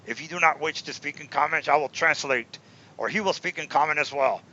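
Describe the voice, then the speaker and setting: A man's voice: a little high, fairly quick, bright, forceful tone, slight background noise. A man voicing an impatient male hobgoblin sergeant who talks bluntly and scolds. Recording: dull lo-fi recording.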